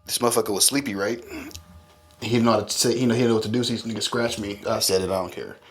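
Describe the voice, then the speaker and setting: A man around thirty, a podcast co-host, casually telling profane, animated stories about his family and often laughing. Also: on the low side, very fast, husky. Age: 30s. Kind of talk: casual chat.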